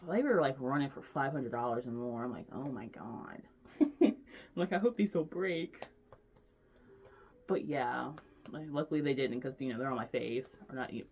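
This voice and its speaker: A woman's voice: extremely low pitch, a little mellow, a little hiss or hum. A young woman vlogging in a casual, rambling chat, chatty and gushing, full of fillers and restarts. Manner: gushing, affectionate.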